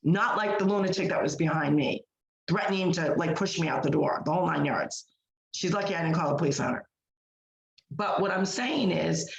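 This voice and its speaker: This woman has a lowish voice with vocal fry. Co-hosting a podcast in an echoey room, she tells a story in casual, emphatic chat, with lots of fillers and false starts.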